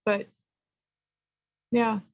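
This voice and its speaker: A middle-aged woman from California sharing her personal recovery story at a meeting, candid and rambling, lively when she tells a story. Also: extremely slow, dry recording, lo-fi sound. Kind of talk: personal testimony talk.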